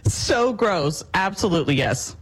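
A woman's voice: on the low side, a little slow, breathy edge, soft background music, rough recording. A young American woman co-hosting a radio show and bantering playfully. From United States. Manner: laughing, expressive, playful. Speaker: co-host. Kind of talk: casual studio banter.

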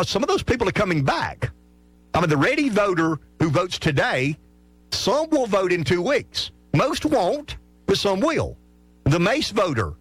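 A man giving talk-radio political analysis, animated and often repeating words as he restarts. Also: a little high, dry recording. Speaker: political commentator.

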